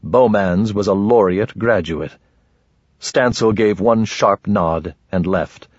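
A man narrating a fantasy story in a measured, even reading. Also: lowish voice, slightly rough, no room sound. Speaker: audiobook narrator. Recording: dry, dull close-mic audio.

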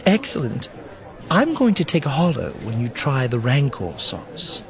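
A man's voice: mid-range voice, huge pitch swings, unhurried, a faint crowd, voice pushed up. A man voicing a curious, teasing young woman companion.

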